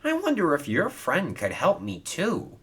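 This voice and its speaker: Man voicing a cheeky little male engine, chirpy, scheming, high. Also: huge pitch swings, measured pace, vocal fry, a bit bright, breathy edge, heavily acted.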